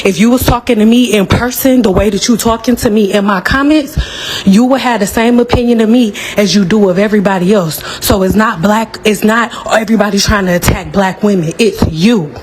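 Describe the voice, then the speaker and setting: A woman's voice: medium pitch, fairly quick, darkish tone, slight background noise. A young woman hair stylist talking straight to camera in a blunt, confrontational, sassy way. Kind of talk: casual direct-to-camera rant.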